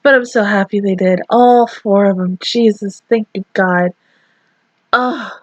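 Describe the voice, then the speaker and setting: Reacting emotionally to an anime episode on her channel, a woman cries, swears, and gushes about how happy she is. Her voice sits in the mid range and she speaks unhurriedly. The recording is dry and of poor audio quality.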